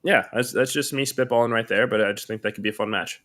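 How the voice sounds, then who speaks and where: A man's voice: mid-range voice, fast talker, a bit bright. A man co-hosting a podcast, talking through his wrestling opinions in a rambling, casual way with many restarts. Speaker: podcast co-host.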